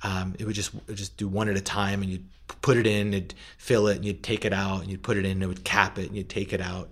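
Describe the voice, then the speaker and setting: A middle-aged man in a casual interview, telling the story of starting his food company, animated and acting out other people's lines with plenty of fillers. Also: low voice, fast. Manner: animated, acts out quoted voices, many fillers. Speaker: food company founder, guest.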